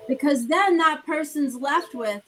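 A woman's voice: high voice, a little slow, fairly bright tone, soft background music, poor audio. A woman hosting a casual talk show, explaining her points earnestly and checking in with "right?". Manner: earnest, talks things through with repeated "right?". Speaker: host.

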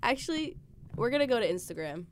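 A woman's voice: on the high side, big pitch swings, quick pace, slight background noise. A young woman hosting a casual podcast, chatting and reading out listener questions. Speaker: podcast host. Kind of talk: casual chat.

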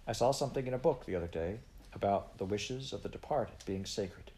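A man reading aloud, voicing an earnest, gentle girl who sounds close to tears. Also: fairly low pitch, expressive, brisk.

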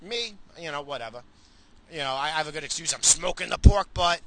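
A middle-aged man from the United States ranting casually and profanely to his viewers while driving, animated, cursing and mocking himself. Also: a little high, brisk, low-quality recording. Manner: animated, swearing, self-mocking. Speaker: vlogger.

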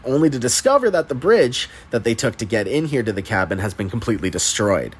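A man's voice: on the low side, husky. A man hosting a podcast, giving a casual, chatty movie recap with swearing and laughter. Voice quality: chatty, profane, laughs at the plot. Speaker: podcast host.

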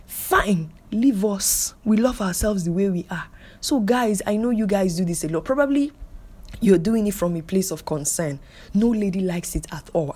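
A young woman hosts her own solo podcast in a mellow, husky, mid-range voice. She talks emphatically, repeating phrases to drive her point home.

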